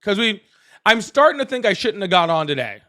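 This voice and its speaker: A man hosting a live political call-in stream, excitable and chatty, laughing often and thanking viewers at length. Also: high-pitched, fairly quick. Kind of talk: casual live-stream chat.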